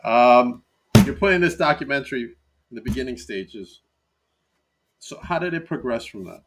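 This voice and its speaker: A man hosting a casual interview, asking relaxed, brief questions. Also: mid-range voice, normal speed, a little hiss or hum. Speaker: interview host.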